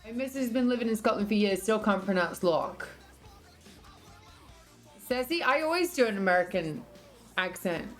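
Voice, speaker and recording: A woman from England with an English accent, chatting casually with her stream chat in quick asides. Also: mid-range voice, animated, faint music behind.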